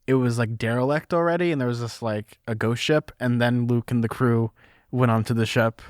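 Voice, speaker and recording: A man's voice: mid-range voice, steady tone, brisk, no room sound, studio quality. A young man co-hosting a podcast, chatting casually and playfully about a book. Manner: playful, jokey asides. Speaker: podcast co-host. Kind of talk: casual book discussion chat.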